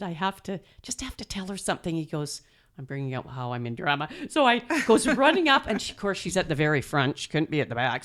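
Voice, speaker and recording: A middle-aged woman telling animated stories as an interview guest, laughing often and acting out quotes. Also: on the low side. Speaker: guest, mother and performer. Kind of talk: storytelling interview.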